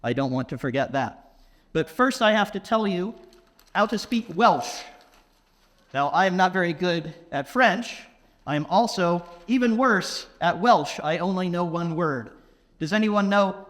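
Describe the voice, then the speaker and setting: A man giving a conference keynote, playfully quizzing the audience and speaking slowly and deliberately. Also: high voice, animated, a bit bright. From England. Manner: playful, quizzes the audience, slow deliberate phrasing for non-native listeners. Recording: long hall reverb.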